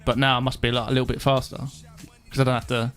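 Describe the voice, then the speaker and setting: A young man chatting as a podcast guest, halting and hesitant, with many restarts. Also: medium pitch, little pitch movement, a bit bright, soft background music. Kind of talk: casual chat.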